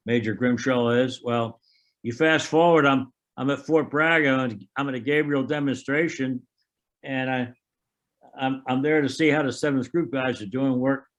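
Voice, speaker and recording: A man's voice: mid-range voice, dull audio. An older man, a Special Forces veteran, recounting anecdotes in an oral history, quoting others with frequent chuckles.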